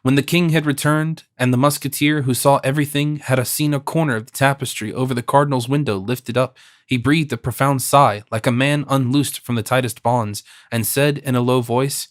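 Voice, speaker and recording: A man's voice: medium pitch, dry recording. Man narrating a classic novel, dry studio sound. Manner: measured, expressive reading. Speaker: audiobook narrator.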